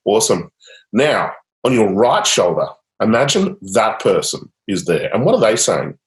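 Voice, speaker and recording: A man's voice: on the low side, big pitch swings, moderate pace. A man guiding a client through a coaching session, upbeat and encouraging, with casual fillers. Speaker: change coach. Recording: roomy echo.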